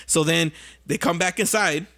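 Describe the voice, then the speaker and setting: High, bright young man telling a story. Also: normal speed, creaky. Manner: animated storytelling, heavy slang and profanity. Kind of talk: casual chat.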